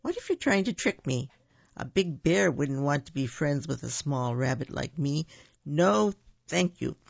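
A man reading a picture book aloud, voicing a small, suspicious rabbit in a raised, gravelly voice. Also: fairly high pitch, sing-song, unhurried, dry recording, lo-fi sound, full character voice. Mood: wary.

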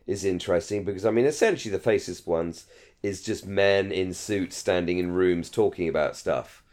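Male co-host, low voice, musing, hedging talker. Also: normal speed, darkish tone. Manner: musing and hedging, lots of "I mean" and "you know". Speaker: podcast co-host. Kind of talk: casual chat.

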